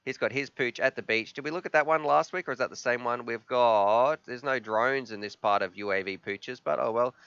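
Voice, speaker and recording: A man hosting a live stream, chatting casually and reading chat messages aloud, sometimes halting with emotion. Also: medium pitch, a bit bright, clear, resonant tone, no echo. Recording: slightly dull, dry sound.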